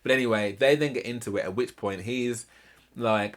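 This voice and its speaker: A man's voice: medium pitch, moderate pace, slight background noise. A man hosting a reaction channel, commenting casually and emphatically. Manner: animated, emphatic, repeats himself for emphasis.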